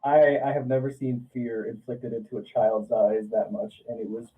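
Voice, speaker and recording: A man telling a profane, animated story in casual podcast chat. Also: medium pitch, normal speed. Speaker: podcast guest. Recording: distant, phone-like sound.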